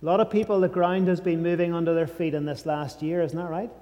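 A male preacher delivers an emphatic sermon in a fairly high, mellow voice. He sinks to a hushed low tone on his key phrases. The sound carries the long reverb of a large church hall. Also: flat delivery, quick pace.

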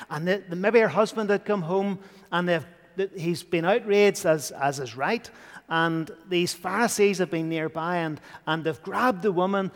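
A man preaching a sermon in an earnest way, sometimes dropping to a hushed voice for emphasis. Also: sits high. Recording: long hall reverb.

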